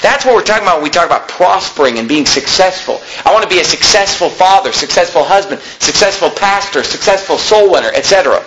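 Emphatic bright-voiced male preacher. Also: high-pitched, animated, slight background noise, low-quality recording. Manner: emphatic preaching, slowing on key phrases. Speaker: pastor. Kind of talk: sermon.

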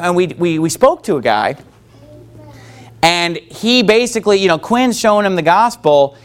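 A man with a high voice preaches a sermon as a pastor, quoting scripture and asking his congregation questions. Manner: preaching with call-and-response from the congregation.

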